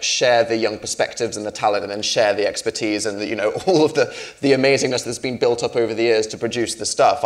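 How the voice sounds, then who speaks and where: A man in his twenties, a guest on a festival stage, talking in a chatty, wry way with many restarts. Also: lowish voice. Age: 20s. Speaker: panel guest. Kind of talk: onstage conversation. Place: festival stage before an audience.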